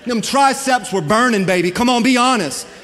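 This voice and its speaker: Male pastor, high voice, fiery call-and-response preaching, long hall reverb. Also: normal speed, a bit bright. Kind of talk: sermon.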